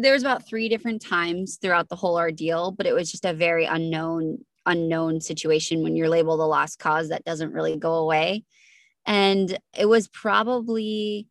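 A woman's voice: low voice, no echo, clean studio sound. A young woman guest on a podcast, telling her story earnestly with many restarts and fillers. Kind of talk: emotional storytelling interview.

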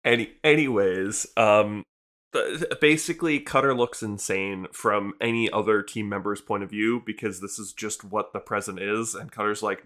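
A man co-hosting a podcast in casual chat, excitable and enthusiastic. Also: lowish voice, normal speed. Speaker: podcast co-host.

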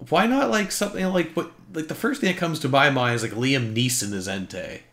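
A man with a bright, forceful voice chatting casually with a friend. He talks in quick, animated bursts, with his pitch jumping up when something excites him. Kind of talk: casual chat.

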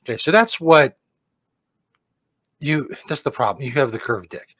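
A man's voice: mid-range voice, animated, moderate pace, slightly rough. Crude, mocking male comedy host. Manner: crude, mocking, jumps into loud put-on outbursts. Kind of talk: comedic commentary.

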